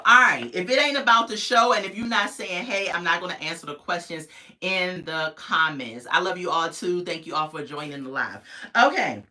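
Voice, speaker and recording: A woman's voice: lowish voice, moderate pace, bright, forceful tone. A young adult woman from the United States hosting a live review stream, chatty, greeting viewers in the chat and laughing often. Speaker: host of a live reality-show review stream. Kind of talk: casual livestream commentary.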